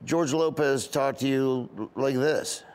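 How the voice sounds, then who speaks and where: A middle-aged man with a Southern US accent, a comedian telling stories in a casual interview, rambling and animated. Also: medium pitch, a little slow, smooth. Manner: rambling, animated, acts out other voices. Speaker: comedian guest.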